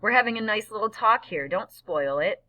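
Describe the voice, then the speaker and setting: A woman's voice: medium pitch, lively intonation, normal speed, pushed and bright, recorded from a distance. Cruel biker boss, as a woman reads him. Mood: menacing. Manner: curt, threatening orders. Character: menacing male biker gang boss, quiet and cruel.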